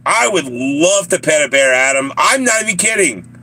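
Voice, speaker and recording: A man's voice: a little high, animated, moderate pace, sharp tone. A man with a Southern US accent chatting casually on a live stream, joking and laughing often as he rambles to his viewers.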